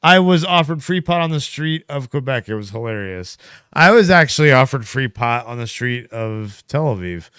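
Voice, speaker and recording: A man's voice: mid-range voice, animated, normal speed, fairly bright tone, smooth, no echo, studio quality. A man in his thirties hosting a casual podcast, reading chat messages aloud and telling rambling stories. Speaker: podcast host. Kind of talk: casual live-stream chat.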